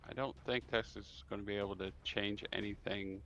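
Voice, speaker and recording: A man's voice: lowish voice, steady tone, fairly quick, vocal fry, sharp tone, lo-fi sound. A man running a tabletop game as dungeon master, calling out turns and damage.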